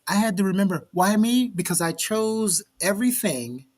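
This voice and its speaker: A man in his forties, originally from Miami, hosts a casual live talk show. His voice sits a little high for a man, and he tells stories animatedly, playing out every line of the dialogue. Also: normal speed. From Miami, Florida. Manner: animated storyteller, acts out the dialogue. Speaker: show host.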